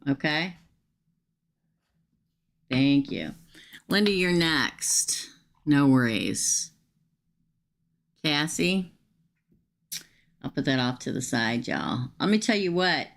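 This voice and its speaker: Lady doing live tarot readings, low voice, chatty, talks to herself a lot. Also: fairly bright tone. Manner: chatty, thanks viewers, talks to herself while pulling cards. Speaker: tarot reader.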